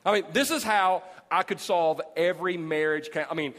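A man in his forties preaching a sermon as pastor, animated and jokey, acting out people he talks about. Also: on the high side, moderate pace. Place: large church auditorium. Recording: long hall reverb.

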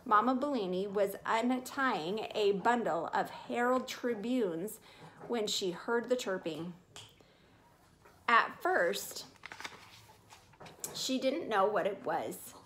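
A woman reading a children's chapter book aloud at a medium pitch, in a clear and steady storytelling manner. Faint background noise sits behind her voice. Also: slow, long pauses. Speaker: reader.

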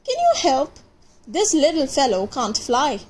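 A woman reading aloud as a kindly middle-aged male park keeper who speaks gently and eagerly. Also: high-pitched, sing-song, moderate pace, a little hiss or hum. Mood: excited.

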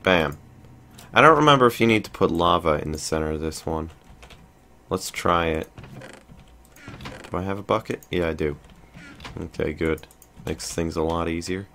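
A young man with a very low voice narrates his gameplay in a loose, rambling way. He thinks aloud, trails off and restarts his sentences often. Keyboard typing can be heard behind him. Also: moderate pace, long pauses, bright, forceful tone, slight background noise. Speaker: let's play host. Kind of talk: casual gameplay commentary.

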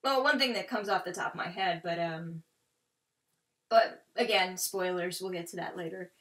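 A woman's voice: on the low side, moderate pace, a bit bright, far from the mic. Off-mic woman chiming in. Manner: brief interjections, prompting her co-host. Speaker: podcast co-host. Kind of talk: casual film review chat. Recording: off-mic with faint noise.

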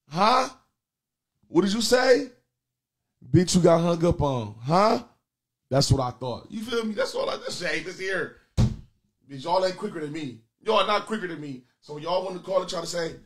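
Brash profane man hosting call-ins. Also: a little high. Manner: loud, profane, taunting callers. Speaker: host of a comedy call-in show. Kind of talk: crude comedic call-in banter.

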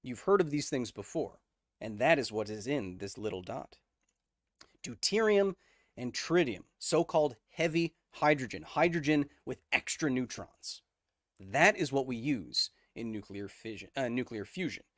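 A man's voice: medium pitch, lively intonation, moderate pace, dry recording, clean studio sound. A man hosting a casual livestream, explaining science conversationally, checking in with viewers and answering their chat messages. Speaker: host.

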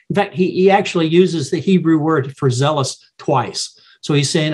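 A man teaching a Bible study in a reflective, explanatory, somewhat halting way. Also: on the high side, slightly rough.

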